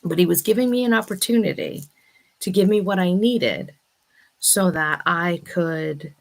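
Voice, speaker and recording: A woman in her thirties hosts a casual vlog, testing a new microphone while telling a personal story. Her voice is on the low side and gravelly, delivered at a measured pace, and her chatty, breathless retelling is full of "oh my God"s.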